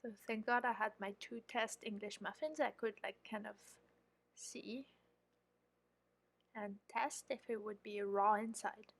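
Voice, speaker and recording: A woman's voice: mid-range voice, a little slow, a bit bright. A woman with a French accent, chatting through a voice-over of her home baking and explaining her mistakes as she goes. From France. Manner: chatty, explanatory, self-critical. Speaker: home baker and channel host.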